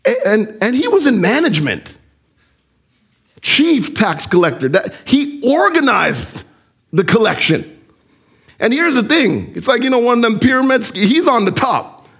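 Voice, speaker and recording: A man preaching a sermon as pastor, animated and addressing the congregation with direct questions. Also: very high voice, a little slow, breathy edge.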